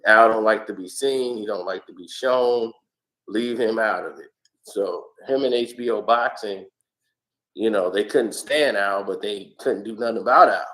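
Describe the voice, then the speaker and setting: A man being interviewed, telling stories in a casual, animated way. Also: on the low side, moderate pace, low-quality recording. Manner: animated, lively storyteller. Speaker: interview guest. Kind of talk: casual storytelling.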